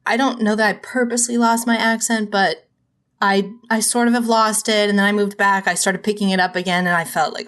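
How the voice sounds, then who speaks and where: A woman's voice: medium pitch, fairly even intonation, brisk, a bit bright. Chatty woman from Minnesota hosting a podcast. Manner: friendly, chatty, laughs often. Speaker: podcast host. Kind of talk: casual interview chat.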